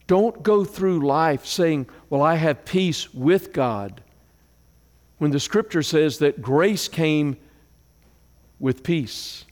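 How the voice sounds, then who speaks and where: A man preaching a sermon as a pastor, moving between loud declarations and hushed prayer. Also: on the high side, expressive, slow pace. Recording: long hall reverb.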